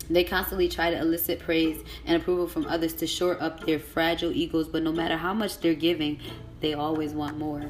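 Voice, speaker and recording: A young woman hosting a podcast, reading an article aloud and breaking into a profane, emotional rant that climbs to furious shouting. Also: lowish voice, echoey room. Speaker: podcast host.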